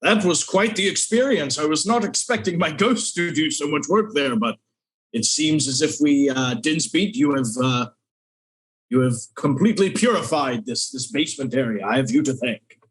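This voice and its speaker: A man voices his character at a tabletop game. His speech is formal and a little theatrical. His voice sits somewhat high for a man. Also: expressive, moderate pace, slightly rough. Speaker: player. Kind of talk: in-character tabletop role-play.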